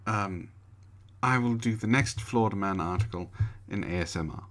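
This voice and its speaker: A man's voice: lowish voice, normal speed, a bit bright. A man co-hosting a casual comedy news show, teasing his co-hosts and laughing often. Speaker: podcast co-host. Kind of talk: casual banter.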